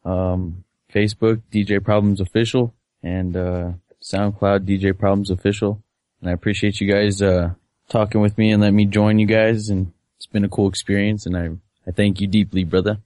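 A man's voice: lowish voice, little pitch movement, moderate pace, a little mellow, no echo, clean studio sound. A man co-hosting a podcast, speaking briefly and politely. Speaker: podcast co-host. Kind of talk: casual podcast chat.

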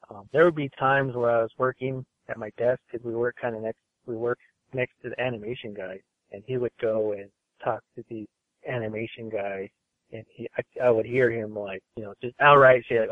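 A man's voice: mid-range voice, steady tone, brisk, dry recording. Easygoing man on a tinny phone line. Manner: rambling, filler-heavy, easygoing. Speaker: podcast guest, animation studio worker. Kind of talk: casual interview chat. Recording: phone-like call audio.

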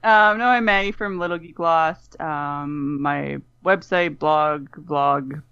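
A woman's voice: low-pitched, takes it slowly, fairly bright tone, clear, resonant tone, no echo, highs cut off. A woman guesting on a podcast, chatting playfully with plenty of giggles and self-mocking jokes. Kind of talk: casual podcast chat.

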